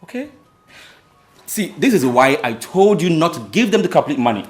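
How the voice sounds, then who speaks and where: An actor playing the groom's Nigerian friend who speaks soothingly. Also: male voice, fairly high pitch, sing-song, moderate pace, faint music behind. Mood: placating. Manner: soothing, placating. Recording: very echoey room from far off.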